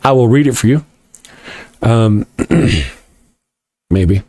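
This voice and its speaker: A man's voice: medium pitch, slow pace, dark tone, no room sound. A man hosting a casual livestream and reading chat aloud, joking and sarcastic with rambling asides.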